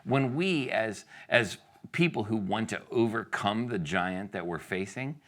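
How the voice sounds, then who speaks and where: Male pastor, very deep voice, casual sermon delivery, keeps asking the room questions. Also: animated, unhurried. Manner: conversational, asks the congregation rhetorical questions, acts out quotes.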